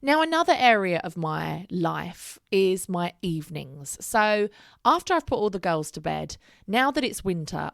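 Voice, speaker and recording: A woman's voice: medium pitch, creaky, dry recording, clean studio sound. A young woman and mother of three talking candidly in a casual vlog, chatty and full of "like", with casual swearing. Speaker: single mother vlogger.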